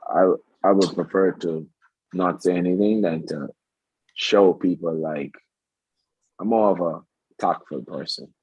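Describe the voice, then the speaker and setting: A man's voice: low-pitched, unhurried, long pauses, a little mellow, breathy edge, no room sound. A man chatting on a video call, laid-back and rambling, often repeating himself. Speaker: guest on a call. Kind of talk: casual chat on a video call. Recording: dull, lo-fi call audio.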